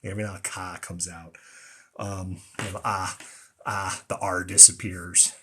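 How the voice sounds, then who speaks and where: A man's voice: sits low, level tone, fairly quick, bright, forceful tone, a little hiss or hum. A man hosting a live stream, talking casually with many ums and restarts, with a mostly neutral American accent that has a slight Boston tinge. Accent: General American with a slight Boston tinge. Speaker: news show host.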